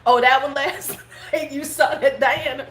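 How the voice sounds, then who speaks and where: Middle-aged woman host, blunt and frank, chatting back to live comments; a fairly high voice with light background noise. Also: steady tone, a little slow, fairly bright tone. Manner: blunt, frank, laughs often, curses freely. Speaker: beauty vlogger host. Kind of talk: casual livestream chat. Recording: roomy home room with faint background noise.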